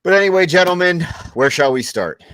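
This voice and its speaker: A man's voice: sits high, animated, fairly quick, a bit bright, no echo. A man hosting a casual podcast, easygoing and steering the talk with plenty of fillers. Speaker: podcast host.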